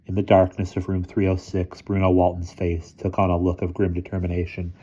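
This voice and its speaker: A man reading a children's novel aloud in a steady, expressive voice. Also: low-pitched, brisk, slightly rough, highs cut off. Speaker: audiobook reader.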